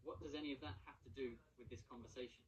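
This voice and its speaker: A man's voice: mid-range voice, steady tone, rapid-fire, crowd noise, natural voice. A text-to-speech man voicing a curt, irritated young wizard. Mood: annoyed. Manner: curt, exasperated. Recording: device speaker heard from far off, noisy.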